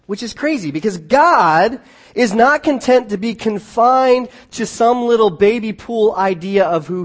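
A man preaching a conversational sermon, often restarting his phrases and swinging between quiet asides and emphatic points. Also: high voice. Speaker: pastor.

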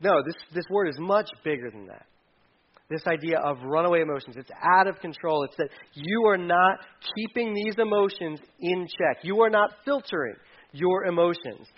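Emotive preacher with sudden loud bursts. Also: male voice, sits high, lively intonation, moderate pace, dull audio. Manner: conversational, swings from quiet asides to loud emphatic bursts. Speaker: pastor. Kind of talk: sermon.

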